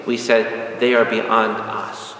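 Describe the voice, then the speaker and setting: A man, a priest, teaching a lively Bible study and quizzing his audience, recorded from a distance in a large room. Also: on the low side, slow. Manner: asks the audience questions, spells out words, animated. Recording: echoey hall from far off.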